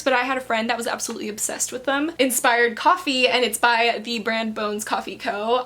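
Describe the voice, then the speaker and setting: A young woman chats through an unboxing vlog, rambling happily and breaking into sudden bursts of excitement. Her voice sits fairly high, and she fills her talk with casual fillers. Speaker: booktuber unboxing book subscription boxes.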